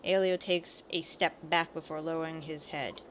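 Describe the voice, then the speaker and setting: A woman's voice: low-pitched, steady tone, normal speed, slight background noise. A woman playing a video game and reading its dialogue aloud in a casual way, swearing now and then and commenting on the game as she goes. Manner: reads lines mostly without character voices. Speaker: let's play gamer.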